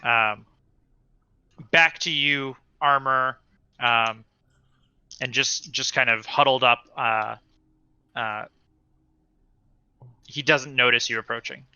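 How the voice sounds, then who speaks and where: A man's voice: medium pitch, fairly even intonation, slow pace, long pauses, bright, forceful tone, clean tone, no echo, muffled recording. A man narrating as game master in a casual, hesitant way with many fillers.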